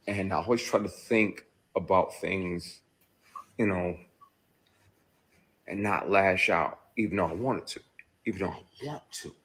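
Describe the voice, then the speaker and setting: Deep-voiced man, blunt and raw. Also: steady tone, normal speed, vocal fry, pauses often, slightly rough. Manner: raw, blunt storytelling with frequent cursing; shifts between quiet brooding and loud outbursts. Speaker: actor recounting his experience. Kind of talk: candid personal monologue.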